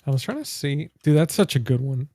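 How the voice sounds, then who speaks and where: A man co-hosting a movie podcast in casual chat, excitably retelling funny scenes. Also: a little high, brisk, no room sound. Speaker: podcast co-host.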